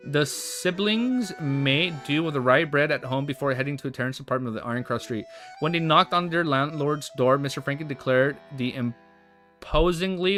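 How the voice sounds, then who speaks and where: A male streamer reads a novel to his viewers, pausing often to react in an excited, casual way. His voice sits a little high and sounds bright and forceful. Soft music plays quietly behind him. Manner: reads narration steadily, then breaks off into excited chatty reactions. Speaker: livestreamer. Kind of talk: reading a web novel aloud on stream with reactions.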